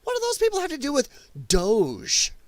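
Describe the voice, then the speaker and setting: Animated, exasperated male political ranter. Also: very high-pitched, normal speed, dry recording. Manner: exasperated, mocking and profane. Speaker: political commentary host. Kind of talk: live solo political rant.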